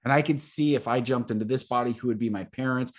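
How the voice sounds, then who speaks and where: A man's voice: medium pitch, fast talker. A man hosting a podcast who speaks fervently and repeats himself for emphasis in an emotional spiritual conversation. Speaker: podcast host.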